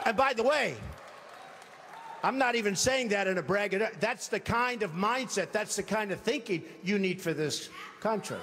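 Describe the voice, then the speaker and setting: A man's voice: sits high, moderate pace, a bit bright, a faint crowd, a little hiss or hum. Boastful older man giving a campaign speech. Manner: boastful, repetitive, acts out imagined phone calls. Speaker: presidential candidate. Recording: long reverb of a large hall.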